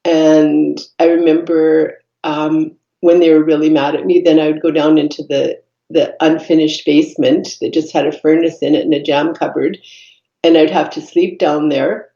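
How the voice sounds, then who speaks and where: A woman, a podcast guest telling her life story in an earnest, reflective way, pausing often with fillers. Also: low voice, flat delivery, vocal fry, dark tone. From Canada. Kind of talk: personal storytelling in conversation. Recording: dull echoey room recording.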